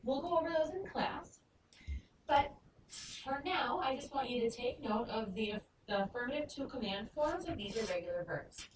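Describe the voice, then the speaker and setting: A woman teaching a Spanish lesson, explaining patiently and slowing down to sound out words. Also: a little high, expressive. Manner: patient, clear, slows down to spell out Spanish words. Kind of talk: recorded lesson narration. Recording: echoey room, far mic, noisy.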